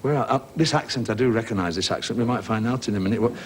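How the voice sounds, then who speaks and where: A man's voice: fairly low pitch, fast talker. A man hosting a TV game show, teasing contestants with chummy banter in a studio before an audience. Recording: 1980s broadcast with studio audience and hiss.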